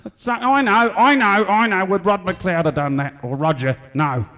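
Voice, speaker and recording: A man's voice: high-pitched, normal speed, noisy background, natural voice. A man doing a stage impression of a crude, half-drunk middle-aged Australian bloke who brags and croons a song, with a leering, blokey manner. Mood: crooning, bawdy. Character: crude boozy middle-aged Aussie bloke, bragging lounge singer. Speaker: comedy impressionist. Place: live stage venue. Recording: echoey hall with band music.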